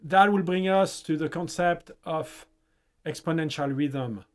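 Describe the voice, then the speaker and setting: Slow-talking man teaching rhythm. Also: high voice, steady tone, clean tone. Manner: explains in short phrases, chanting rhythm syllables to demonstrate. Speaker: music teacher. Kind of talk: instructional explanation.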